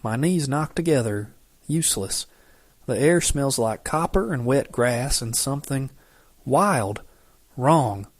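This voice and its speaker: A man reading a romance audiobook in scripted narration, steady and measured. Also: mid-range voice, dry recording.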